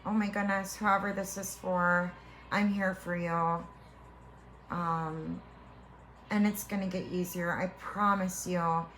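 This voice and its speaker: Slow, earnest woman giving a spiritual reading. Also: on the low side, fairly even intonation, a bit bright, a little hiss or hum. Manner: earnest, heartfelt, reassuring; halting with repeated restarts. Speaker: tarot reader.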